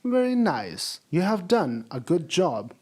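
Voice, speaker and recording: Slow, lively male language teacher. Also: high voice. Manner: slow, drawn-out model sentences for repetition; encouraging, praises imagined students. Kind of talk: classroom-style language lesson.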